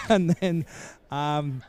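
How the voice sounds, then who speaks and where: A man's voice: fairly high pitch, expressive, extremely slow, darkish tone. A man announcing over the public address at an ice rink, joking and laughing between lines. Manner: jokey, laughing asides. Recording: long arena reverb.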